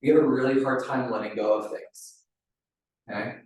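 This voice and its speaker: A wellness coach with a mid-range, darkish voice leads a group through a live demonstration, speaking at normal speed with fairly even intonation. He's chatty and tags many points with "right?" to check in. The mic sits far from him, and his voice bounces around a very echoey room.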